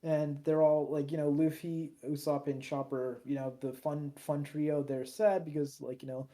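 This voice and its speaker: A man's voice: a little high, level tone, moderate pace, dark tone. A man co-hosting a podcast, recapping an episode in a loose, rambling way with lots of fillers and restarts. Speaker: podcast co-host.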